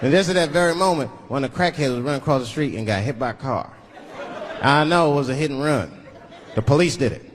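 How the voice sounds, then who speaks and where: Animated stand-up comic over a roaring crowd. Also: male voice, mid-range voice, fast. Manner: animated, acts out voices in his stories. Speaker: stand-up comedian. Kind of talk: stand-up storytelling. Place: comedy stage before a live audience. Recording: live show with loud crowd and noise. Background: loud audience laughter.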